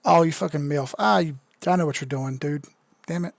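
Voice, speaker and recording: A man's voice: a little high, a little fast, creaky, dry recording. A young man, a bit drunk, doing casual crypto chart commentary on a live stream, loose, joking and profane. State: tipsy.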